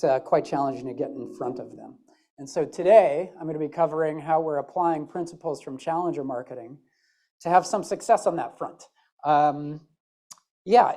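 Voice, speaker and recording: A Midwestern woman with a matching accent speaks at a conference, keeping her talk chatty, jokey, and self-deprecating. Her voice sits low and has a dark tone.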